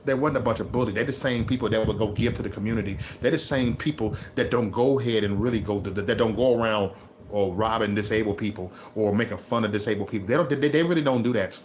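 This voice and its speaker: A man ranting on his vlog, repeating himself and swinging between low muttering and loud laughing outbursts. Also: fast, a little hiss or hum. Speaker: vlogger. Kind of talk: unscripted livestream rant.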